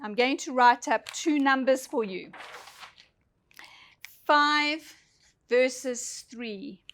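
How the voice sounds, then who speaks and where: A woman's voice: high voice, slow, a bit bright, slight background noise. A woman leadership trainer giving an instructional presentation, speaking emphatically and putting questions directly to her listeners.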